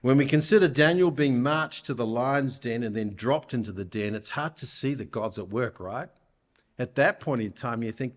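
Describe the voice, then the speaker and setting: A man preaching a sermon in church, speaking deliberately and putting rhetorical questions to his listeners. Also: medium pitch, lively intonation.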